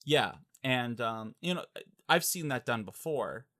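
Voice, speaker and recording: Bright-voiced young man chatting about films. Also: medium pitch, unhurried. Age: young adult. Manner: animated, mimics characters' voices. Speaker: podcast co-host. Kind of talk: casual movie discussion.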